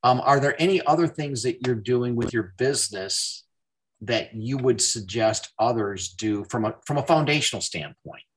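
A man's voice: medium pitch, normal speed. A man hosting a casual interview, telling stories and acting out quoted dialogue. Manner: animated storyteller, acts out quoted dialogue. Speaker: podcast host.

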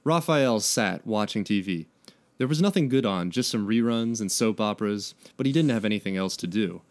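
Laughing man with a lively voice. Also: fairly low pitch, moderate pace. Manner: joking, laughing often. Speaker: podcast co-host reading fan fiction. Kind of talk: comic reading and banter.

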